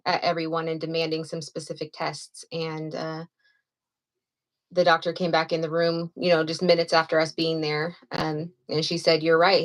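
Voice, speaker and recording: A woman who is a mother and guest on a live podcast, speaking earnestly with frequent pauses. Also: low-pitched.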